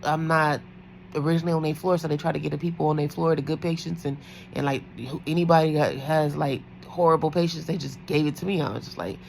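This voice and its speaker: A woman's voice: low voice, fairly even intonation, fast talker, creaky, a little mellow, a little hiss or hum, low-quality recording. A woman who works as a night-shift nurse, chatting casually in a storytime vlog, rambling with lots of fillers.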